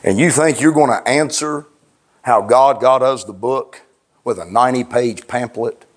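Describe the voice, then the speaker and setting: A male pastor preaching a plainspoken, fervent sermon, swinging from low talk to raised shouts. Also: normal speed. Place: church.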